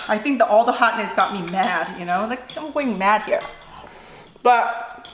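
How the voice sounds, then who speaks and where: A woman's voice: mid-range voice, unhurried, noisy background. A woman, a mother, chatting casually and playfully during a mukbang vlog in her home kitchen. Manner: animated, playful and self-mocking. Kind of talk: casual chat while eating. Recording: echoey room with faint dish clatter.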